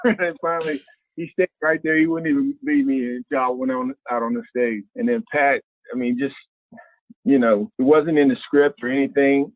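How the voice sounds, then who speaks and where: A lively man from Ohio spins his stories in loose, slangy talk and jumps high and low as he acts out what others said. His voice is tinny and narrow, like a phone call. The sound is dry and close, with no room around it. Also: moderate pace, no echo. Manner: animated, colloquial, acts out quotes with big pitch jumps. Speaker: guest, former basketball player. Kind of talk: casual storytelling.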